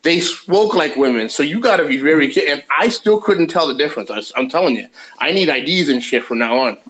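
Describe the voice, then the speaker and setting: A man casually telling a rambling, animated travel story on his vlog, swearing freely. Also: on the high side, a little fast, rough recording. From USA.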